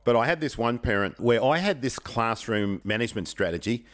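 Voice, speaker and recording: A middle-aged man, a teacher and podcast co-host, telling stories in a frank, colloquial, animated way. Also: mid-range voice, brisk. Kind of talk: casual chat.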